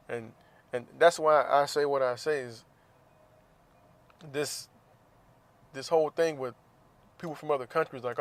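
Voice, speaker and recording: A man's voice: mid-range voice, steady tone, a little slow, long pauses. A man hosting a podcast, talking in a blunt, profane, casual monologue and laughing between points. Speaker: podcast host.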